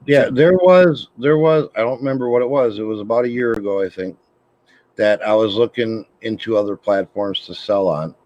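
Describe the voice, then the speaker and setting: A man's voice: fairly low pitch, normal speed, a little mellow, no echo. A man chatting casually as a co-host, telling laid-back stories with a laugh. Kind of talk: casual chat. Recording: dull lo-fi sound.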